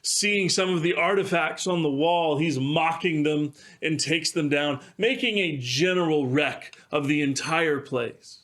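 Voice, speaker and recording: A male pastor tells a devotional story at a measured, unhurried pace. He drops in the occasional filler as he goes. His voice sits a little high for a man. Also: a bit bright.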